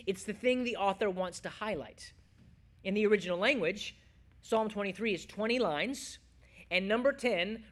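A man preaching a sermon to his congregation as pastor, swinging between loud emphasis and hushed, quiet lines. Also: high voice.

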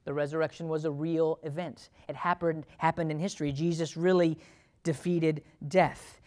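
An emphatic pastor in the middle of a sermon, stacking phrase upon phrase as the voice climbs. Pitch sits in an ordinary middle range, and the delivery drops to quiet, intimate asides before rising again. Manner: emphatic, builds repeated phrases, swings between loud and soft.

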